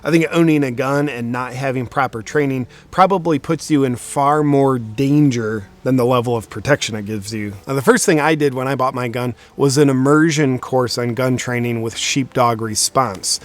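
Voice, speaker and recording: Young male host, deadpan, sarcastic monologue, mid-pitched voice. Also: normal speed, hardly any pauses. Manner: deadpan, mock-serious. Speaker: video host.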